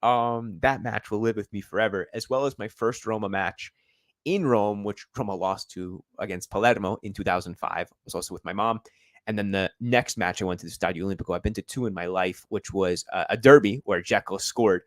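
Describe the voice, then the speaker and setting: With a fairly low voice and no echo, a young man from the United States talks a little fast while hosting his football stream. His chat is relaxed and meandering, loaded with fillers.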